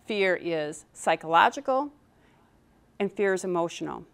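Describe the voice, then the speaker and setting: A woman's voice: medium pitch, normal speed. A middle-aged woman giving a motivational talk on public speaking to a live audience, quizzing the room and acting out nervous inner voices. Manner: animated, asks the audience questions, acts out nervous inner voices.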